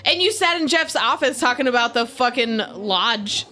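Teasing woman in quick banter. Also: on the high side, lively intonation, sharp tone. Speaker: podcast co-host. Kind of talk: casual chat.

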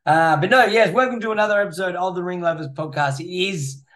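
A man's voice: high-pitched, fast talker, fairly bright tone. A man hosting a podcast and running a gym, rambling in casual chat with plenty of swearing and fillers. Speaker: podcast host, gym owner.

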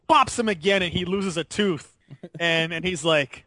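A man hosting a podcast in casual discussion, animated and laughing often as he retells a story. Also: sits high, a little slow, no echo. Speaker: podcast host.

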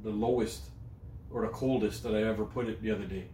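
A man's voice: fairly low pitch, steady tone, fast, dark tone, a little hiss or hum. A young man in casual podcast chat, joking crudely and laughing often. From Canada. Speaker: podcast co-host. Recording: roomy echo.

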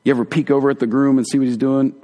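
A man giving a conversational, earnest sermon as a pastor, dropping to hushed tones for emphasis. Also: mid-range voice, little pitch movement, rapid-fire. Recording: long hall reverb.

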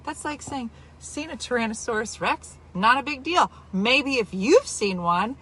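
A woman from New Jersey telling a story in casual chat, animated and exaggerated, with quick asides. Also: fairly high pitch, breathy edge.

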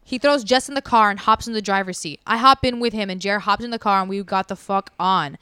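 A woman's voice: medium pitch, fast talker, smooth, no echo, studio quality. A woman telling a story casually and animatedly, acting out what people said. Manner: animated, acts out quotes. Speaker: podcast storyteller.

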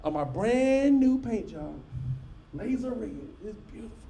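Middle-aged preacher, high mellow voice, animated folksy storytelling, talks straight to the congregation. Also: male voice, unhurried, vocal fry, slight background noise. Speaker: pastor. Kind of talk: storytelling sermon.

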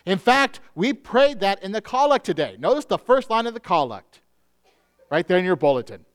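A male pastor preaching a sermon in an earnest manner, slowing down on key phrases. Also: sits high, sing-song, clean tone.

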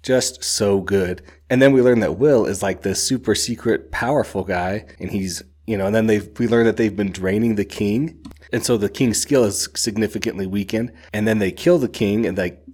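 A man's voice: on the low side, slightly rough. A man talking casually and enthusiastically about a book he has read, rambling with lots of filler words. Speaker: book reviewer.

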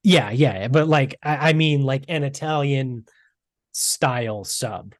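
A man's voice: medium pitch, slow pace, no echo, clean studio sound. A young man co-hosting a casual podcast, rambling with lots of fillers and some swearing. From Massachusetts. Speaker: podcast co-host. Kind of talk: casual chat.

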